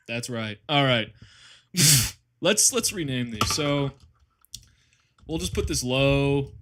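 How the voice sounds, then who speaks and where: Excitable young man streaming casually. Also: lowish voice, noisy background. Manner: excitable, swearing, rambling. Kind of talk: casual live-stream chat.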